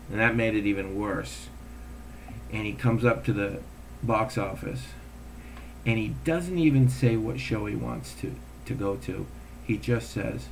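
A man with a mid-range voice hosts a casual solo talk show, telling stories in an exasperated way, acting out the people he quotes and swearing now and then. There's a little hiss or hum in the audio.

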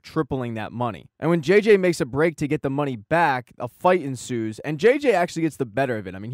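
A male host rattles through an episode recap at a quick clip. His delivery is wry and irreverent, with crude asides. The sound is dry and close, with no room echo. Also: medium pitch. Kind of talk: scripted recap narration.

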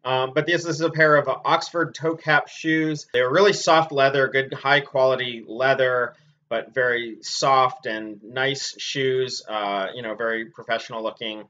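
A man with a bright, forceful voice talks through items he has sold in a relaxed, chatty vlog, pausing often on ums and uhs. The sound is dull and lo-fi, as if from a modest home setup. His pitch sits at an ordinary middle height for a man. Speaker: clothing reseller. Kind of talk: casual product review vlog.

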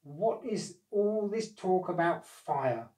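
A man reading a storybook aloud, voicing a cross old male gnome who speaks loudly and blusters. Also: sits high, expressive, slow pace, echoey room, recorded from a distance, voice pushed up. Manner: loud, blustering.

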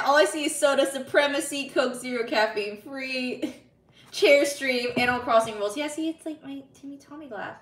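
Woman streamer, bright higher voice, giggly and chatty, roomy sound a bit off-mic. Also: normal speed, distant mic. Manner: bubbly, giggly, reads chat messages aloud. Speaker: live streamer. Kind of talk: casual live-stream chat reading.

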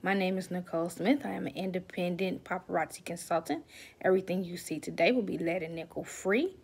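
A woman selling jewelry in a vlog, slowly naming each piece and now and then dropping to a whisper. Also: on the low side, gravelly, darkish tone, husky. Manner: slow, repetitive, drops to whispers at times. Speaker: jewelry seller. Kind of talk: product showcase vlog.

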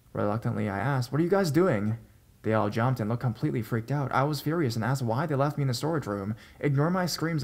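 Gravelly man narrating a horror story. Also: medium pitch, a little mellow. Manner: measured, suspenseful storytelling. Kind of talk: scripted first-person narration.

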